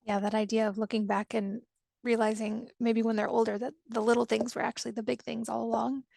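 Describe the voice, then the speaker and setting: A woman's voice: a little high, level tone, a little fast, creaky, darkish tone, no room sound, studio quality. A woman podcast host who asks long, affirming, rambling questions.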